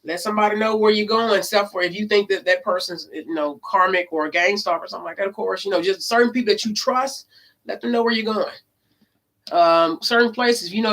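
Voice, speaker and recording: A tarot card reader tells a story in a casual vlog, speaking emphatically and swearing. Her voice swings between loud and low.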